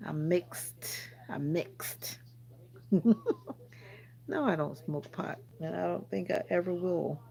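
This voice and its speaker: A woman's voice: on the low side, fairly even intonation, moderate pace, vocal fry, hardly any pauses, darkish tone, poor audio. A Jamaican woman from Jamaica hosting a casual livestream, chatting with viewers and teasing them as she answers their comments. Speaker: livestream host.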